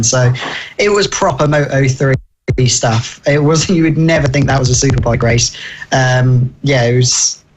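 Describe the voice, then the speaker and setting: Male co-host, mid-pitched, relaxed wry banter about racing. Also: husky. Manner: chatty, wry, chuckling asides. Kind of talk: casual motorsport chat.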